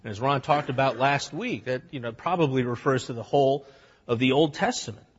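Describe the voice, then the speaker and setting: A man's voice: mid-range voice, husky, long reverb tail, highs cut off. A man preaching a sermon to his congregation, blunt and plain-spoken, acting out both sides of an argument. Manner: animated, acts out both sides of arguments in quick voices. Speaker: pastor. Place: church sanctuary.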